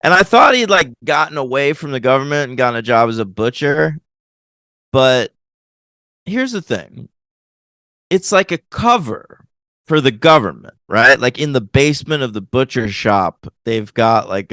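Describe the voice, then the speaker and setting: Animated male podcast co-host, dry sound. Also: mid-range voice, normal speed, no echo. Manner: animated, laughs often, mocks movie lines. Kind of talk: casual film review chat.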